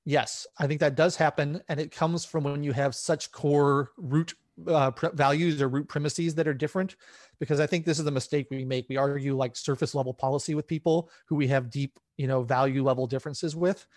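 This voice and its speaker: A man's voice: a little high, fairly even intonation, brisk, darkish tone, dry recording, clean studio sound. A man who is an author, a guest on a podcast, speaking in an articulate, fluent way. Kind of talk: conversational interview.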